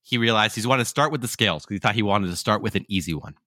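Brief: storytelling podcast co-host, bright and crisp, dry close sound. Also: male voice, fairly low pitch, lively intonation, racing, no room sound. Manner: rambling, self-correcting. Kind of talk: casual storytelling.

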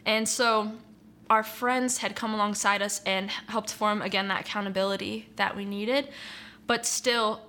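A woman's voice: mid-range voice, fairly even intonation, a little slow, sharp tone. A young woman telling her personal faith testimony in an earnest, reflective, conversational way, with frequent "like" and "you know". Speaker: interviewee sharing testimony.

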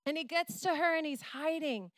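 Woman preacher in her middle years, high bright voice, dry close sound, animated sermon storytelling. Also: moderate pace, no room sound. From Canada. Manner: animated, playful storytelling with asides. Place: church.

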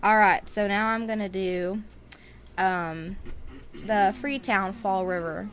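A woman's voice: medium pitch, slow pace. A woman co-hosting a podcast in casual chat, playful and rambling, often giggling. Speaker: co-host.

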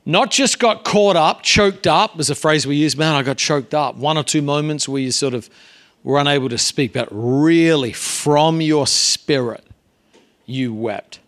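A man's voice: fairly high pitch, measured pace, fairly bright tone. A man preaching as a guest pastor at a church, earnest and conversational, with frequent fillers. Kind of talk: sermon. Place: church sanctuary.

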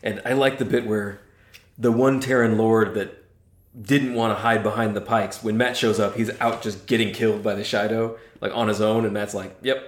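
Casting note: man, a little low-voiced, an eager podcast co-host in an echoey room. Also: little pitch movement, normal speed. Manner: enthusiastic, laughs often. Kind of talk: casual book discussion. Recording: roomy echo.

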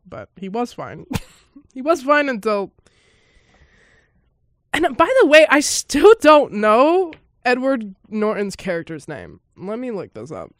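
A woman's voice: medium pitch, no echo. Giggly, chatty woman with a dry close sound. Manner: chatty and giggly, often laughing mid-sentence; excitable, exclaiming in surprise. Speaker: podcast host. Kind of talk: casual podcast film reaction.

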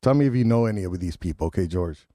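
A man's voice: low-pitched, expressive, fast talker, warm tone, dry recording, studio quality. Rambling man hosting morning radio. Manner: rambling, repeats himself, self-joking. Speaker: radio morning show host. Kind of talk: casual radio banter. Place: radio studio. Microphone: studio microphone.

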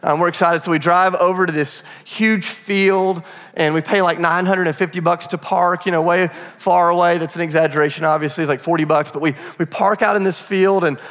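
A man's voice: sits high, a little fast. Storytelling male pastor in reverberant hall. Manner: storytelling, conversational and animated. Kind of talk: sermon. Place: church auditorium.

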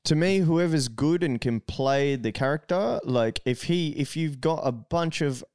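A man's voice: on the high side, unhurried, darkish tone, clean tone, dry recording, clean studio sound. A man hosting a casual podcast chat, talking loosely with lots of "like" and casual swearing. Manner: loose and conversational, heavy use of "like", swears casually.

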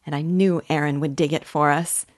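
Playful young country daughter, coaxing and affectionate, read by a woman with a low voice. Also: moderate pace, close to an everyday voice. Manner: lively, coaxing talk.

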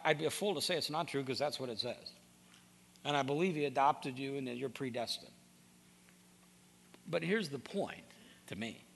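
A man's voice: mid-range voice, vocal fry, slight background noise. A man preaching a sermon, earnest and direct, often repeating words as he starts a sentence. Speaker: pastor.

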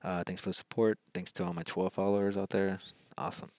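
A man's voice: low-pitched, flat delivery, quick pace, a little mellow, no room sound, poor audio. A man hosting his own podcast, talking alone in a rambling way with frequent restarts. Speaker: podcast host. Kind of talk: solo political podcast monologue.

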